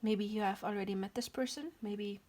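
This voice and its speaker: On her channel, a woman with a mid-range, slightly mellow voice gives a pick-a-card tarot reading in a brisk, steady tone. She rambles, apologizes often, discusses spiritual ideas, and occasionally drops to a whisper.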